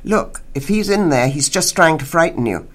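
A woman reading a story aloud and voicing a gruff, blunt older man, a widower on holiday. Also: low voice, lively intonation, normal speed, pitched above the performer's own voice.

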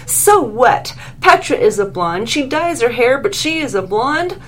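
A woman voicing a shrill, indignant young female vampire who shrieks in offense, in a read-aloud story. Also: sing-song, measured pace, fairly bright tone, heavily acted.

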